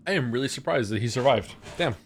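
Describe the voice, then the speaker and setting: A man's voice: medium pitch, expressive, quick pace, a little hiss or hum. A man streaming a game, casually thinking aloud as he plays, trailing off and restarting mid-thought.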